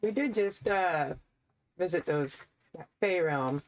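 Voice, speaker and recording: A woman playing a tabletop game, asking questions in a halting, hesitant way. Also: fairly low pitch. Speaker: player. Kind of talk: casual game talk.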